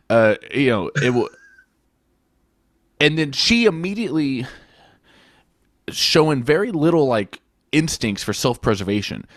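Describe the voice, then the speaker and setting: A man's voice: mid-range voice, big pitch swings, measured pace, long pauses, fairly bright tone, no echo. Dry-sounding man in casual podcast chat. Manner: rambling, profane retelling of plot scenes. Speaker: podcast co-host. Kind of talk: casual film-review chat.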